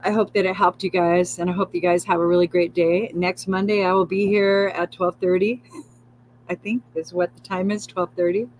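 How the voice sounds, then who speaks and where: A woman hosting a live spiritual talk, repeating gentle affirmations and swearing now and then. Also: lowish voice, level tone, normal speed, slight background noise, poor audio. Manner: soothing, repetitive affirmations with swearing and laughter. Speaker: spiritual livestream host.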